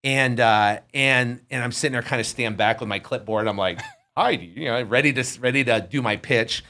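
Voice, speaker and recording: Lively storytelling man with a bright voice. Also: mid-range voice, moderate pace. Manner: animated, acts out voices in his stories. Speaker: podcast guest. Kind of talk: casual storytelling.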